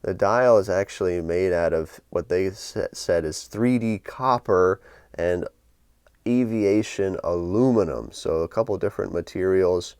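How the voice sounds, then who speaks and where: A man's voice: low voice, unhurried, darkish tone, smooth, no room sound, studio quality. A man hosting a watch review channel, casually and enthusiastically showing a new watch. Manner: friendly, upbeat and enthusiastic.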